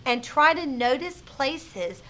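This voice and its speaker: A woman teacher leads a reading lesson for young children, reading a storybook aloud with expressive, dramatic pauses. Her voice is bright and somewhat high. She speaks slowly and deliberately. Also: slight background noise.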